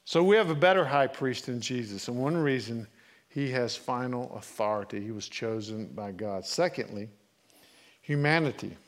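A pastor delivers a sermon in a conversational style, putting questions to the congregation and moving between loud and hushed passages. His voice is medium-pitched and his pace is moderate.

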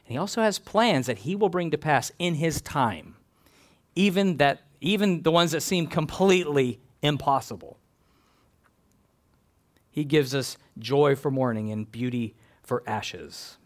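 A man preaching an expository sermon, reading scripture and building emphatic, animated lists. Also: a little high, a little slow.

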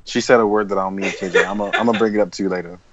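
A man's voice: on the low side, steady tone, racing, heavy background noise. A young man hosting a casual chat with friends, retelling stories and laughing. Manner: storytelling, laughing. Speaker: podcast host. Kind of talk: casual banter. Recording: dull recording with chatter behind.

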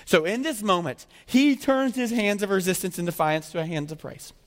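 A man preaching a sermon as a pastor, emphatic, acting out imagined speakers and swinging between loud and hushed. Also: high voice, moderate pace. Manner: emphatic, voices imagined speakers, rising and falling intensity. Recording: reverberant hall.

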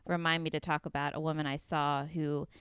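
Woman in her 30s telling her story to an interviewer, super smooth clear voice, kinda low, dry sound, lots of ums. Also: level tone, a little fast, fairly bright tone, dry recording. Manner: earnest, emotional storytelling with many fillers and quoted dialogue. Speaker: interview guest.

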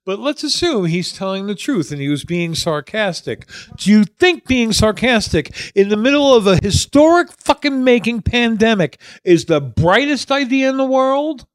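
A man with a high, lively voice trades sarcastic, profane remarks in a casual podcast chat. The sound is dry and close, with no room echo. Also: moderate pace, few pauses.

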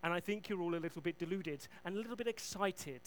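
A preacher playing a skeptical male disciple who waves off the others as deluded, in a loud, drawling, incredulous voice. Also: high voice, quick pace, clean tone, natural voice, low-quality recording. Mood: scoffing. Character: skeptical grown male disciple, dry and dismissive.

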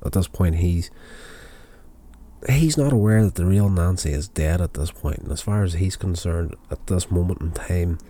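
A man's voice: low voice, moderate pace, warm tone, a little hiss or hum. A tired man casually recapping a television episode, rambling with many fillers and restarts. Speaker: show recapper.

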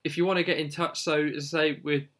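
A man's voice: on the high side, fairly even intonation, fast, a bit bright. A man co-hosting a casual podcast, bantering dryly and steering the chat toward the wrap-up. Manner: dry, bantering, steers the show. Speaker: podcast co-host.

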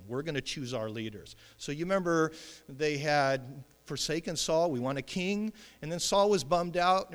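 Animated preacher man in an echoey hall. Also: fairly high pitch. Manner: conversational preaching with many fillers and restarts. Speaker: pastor. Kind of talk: sermon.

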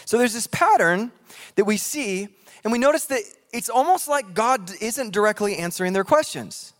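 A man preaching a sermon in a church, animated and jokey, acting out voices from scripture. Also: high voice, normal speed. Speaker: pastor. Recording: long hall reverb.

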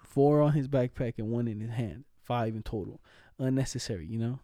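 A man's voice: mid-range voice, brisk, warm tone, dry recording, studio quality. A young man in casual chat, telling school stories in slangy, profane talk and laughing often.

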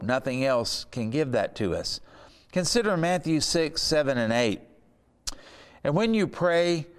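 A man's voice: mid-range voice, smooth, long reverb tail. A man preaching a sermon, earnest and conversational, asking the listeners questions. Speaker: pastor.

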